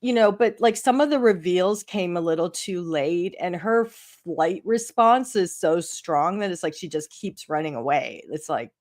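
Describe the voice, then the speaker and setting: A woman co-hosting a casual chat, musing in a relaxed way with many fillers. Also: fairly low pitch, a little slow, few pauses. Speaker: co-host. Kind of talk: casual chat reviewing dramas.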